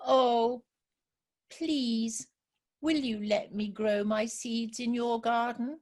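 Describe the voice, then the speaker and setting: A small, polite little rabbit pleads in a sweet, lifted voice, as a woman storyteller puts him on. The storybook voice stays gentle and hopeful, a little higher than her own. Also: steady tone, slow. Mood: pleading. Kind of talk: read-aloud storybook.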